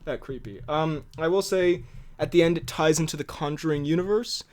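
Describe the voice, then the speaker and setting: Man, fairly high voice, casual podcast chat, rambling animated storytelling, laughs a lot. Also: a little fast. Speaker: podcast co-host.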